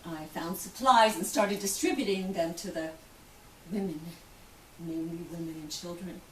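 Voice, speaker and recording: Actress playing a bold, outspoken Titanic survivor. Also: female voice, mid-range voice, close to an everyday voice. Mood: brisk. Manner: vivid storytelling, acts out other people's voices. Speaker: actress in a first-person historical portrayal. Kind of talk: theatrical first-person monologue. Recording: roomy, distant, faint hiss.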